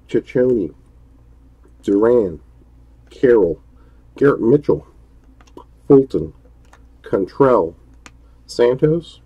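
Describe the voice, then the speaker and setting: A man's voice: medium pitch, husky, highs cut off. A man hosting a live-streamed trading card break, chatty and upbeat, greeting viewers by name as he opens packs.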